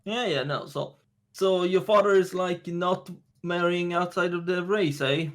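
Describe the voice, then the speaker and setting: Man, tabletop player, eager interjections, slightly high voice. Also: unhurried, a bit bright. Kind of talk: casual tabletop game chat.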